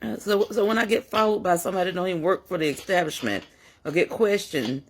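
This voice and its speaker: A woman's voice: on the low side, quick pace. A woman giving casual reaction commentary to a news clip, talking in an amused, sarcastic way. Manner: amused, sarcastic, laughing at times.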